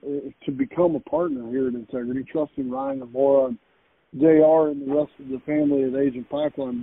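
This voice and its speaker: A man's voice: on the high side, gravelly, slightly rough. A man hosting an interview, effusive and praising, often stammering and repeating words. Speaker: host, company executive. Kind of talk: casual interview chat. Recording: tinny phone-like call audio.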